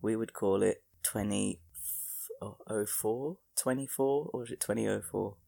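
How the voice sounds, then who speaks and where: Deep, gravelly-voiced man rambling. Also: measured pace, warm tone, dry recording, clean studio sound. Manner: rambling, crude, self-mocking humour. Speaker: podcast host. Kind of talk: solo podcast monologue.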